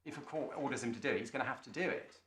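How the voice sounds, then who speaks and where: Barrister making formal courtroom submissions. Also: male voice, medium pitch, fairly bright tone. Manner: measured, formal, with small restarts. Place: large echoey courtroom. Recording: echoey courtroom, faint noise.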